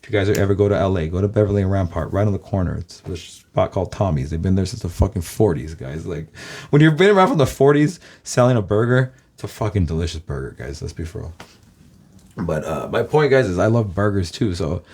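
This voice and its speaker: A vlogger from Los Angeles with a Californian American accent rambles to his viewers in a casual, profane monologue packed with "guys." His low, slightly mellow voice moves briskly with big pitch swings.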